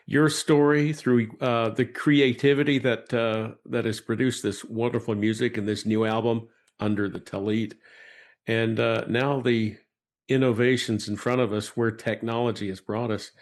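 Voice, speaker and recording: A man hosting an interview, affable and quick to agree with his guest. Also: mid-range voice. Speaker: interview host. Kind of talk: casual interview talk.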